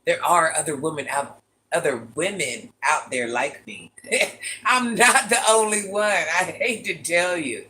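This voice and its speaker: A woman with a deep voice hosting a livestream, chatting casually and playfully teasing as she reads viewer comments. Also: unhurried, pushed and bright. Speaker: livestream host.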